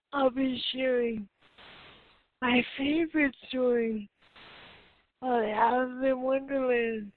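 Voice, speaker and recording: A woman hosting a show who reads a children's story aloud slowly, stumbling and correcting herself. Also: sits high. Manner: slow, halting reading with self-corrections. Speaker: host and story reader. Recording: tinny phone-like sound.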